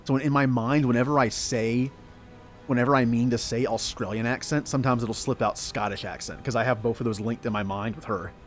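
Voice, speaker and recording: A man's voice: mid-range voice, steady tone, a little fast, faint music behind. A man from the southern United States giving casual gameplay commentary, chatty and rambling, laughing often. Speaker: gaming streamer.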